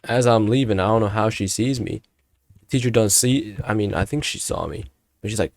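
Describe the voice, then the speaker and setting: A man's voice: lowish voice, moderate pace, creaky, darkish tone, no echo, clean studio sound. A young man in his late teens, casually telling a story about his school day in a slangy, profane, rambling way. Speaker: student storyteller.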